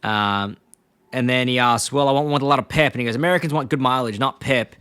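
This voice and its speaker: A man's voice: mid-range voice, fast, pushed and bright, smooth, dry recording. A man co-hosting a casual podcast chat. He retells scenes and acts out the lines in a raised voice. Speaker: podcast co-host.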